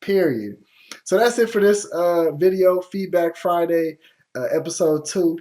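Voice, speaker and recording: A slightly higher-voiced man hosting a beat-review show. He is blunt and slangy and swears freely, but keeps encouraging the producer he critiques in casual commentary. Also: a little slow, a little mellow. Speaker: music producer host giving feedback on beats.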